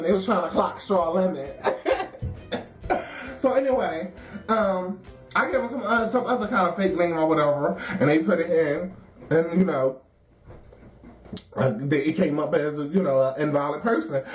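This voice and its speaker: A woman telling a story in a casual, animated, wry way, laughing often. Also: fairly low pitch, normal speed. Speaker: storyteller in a documentary. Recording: roomy echo with faint music.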